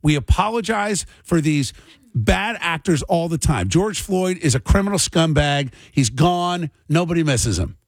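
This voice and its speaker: A man's voice: on the high side, lively intonation, measured pace, creaky, no echo. A man hosting a political commentary monologue, agitated and fired up, ranting with heavy emphasis. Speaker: show host and commentator.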